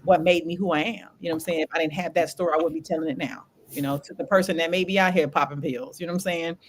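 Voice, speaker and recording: A woman hosting a candid podcast conversation, telling her story in an animated, laughing way with casual slang. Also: low voice, racing, slight background noise. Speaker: podcast host.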